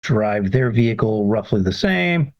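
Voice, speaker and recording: A man running a tabletop game as game master, relaxed and encouraging with his players. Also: lowish voice, measured pace. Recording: dull lo-fi recording.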